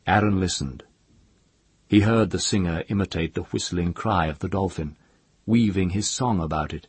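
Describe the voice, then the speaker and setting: A man reading a fantasy story aloud in a calm, measured storytelling voice. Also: low voice, breathy edge, no echo. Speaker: narrator. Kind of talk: scripted audiobook narration.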